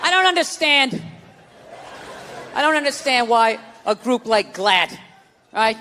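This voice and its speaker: A man's voice: very high-pitched, a little slow, a little hiss or hum. Male stand-up comic, ranting and profane, live in a reverberant hall before an audience. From United States. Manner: profane, animated, shifting into mocking voices. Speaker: stand-up comedian. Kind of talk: stand-up comedy set. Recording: live stage recording in a reverberant hall with crowd.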